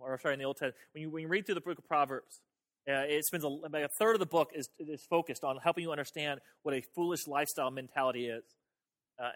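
A male pastor delivering a sermon in a loose, conversational way. His voice sits a little high for a man, and he often doubles back on his words. He speaks straight to his listeners throughout. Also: fairly bright tone. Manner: conversational, repeats words, talks to the audience directly.

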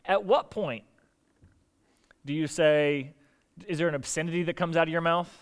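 A man preaching a sermon as pastor, animated, asking rhetorical questions and acting out quoted lines. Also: on the high side, moderate pace.

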